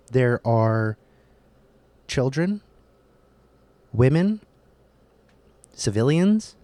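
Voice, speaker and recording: A man's voice: mid-range voice, a little mellow, no room sound. Young male podcast host, solo rant, sweary and emphatic, mid-range voice. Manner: profane, heated, emphatic. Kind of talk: casual ranting monologue.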